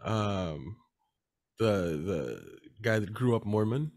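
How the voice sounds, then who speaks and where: A man's voice: fairly low pitch, big pitch swings, slow, darkish tone. A man co-hosting a casual panel podcast, talking hesitantly with lots of fillers and restarts. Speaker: podcast co-host.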